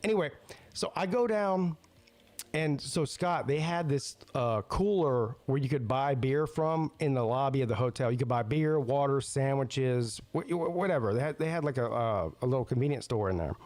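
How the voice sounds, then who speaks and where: A man's voice: mid-range voice, normal speed, a little mellow, no echo. A man hosting a podcast, telling a story in a rambling, profane way and stumbling over repeated words. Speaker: podcast host. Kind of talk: casual chat, storytelling.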